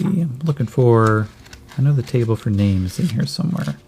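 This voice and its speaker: A man narrating a tabletop game as game master, relaxed and halting with many fillers. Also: mid-range voice, slight background noise.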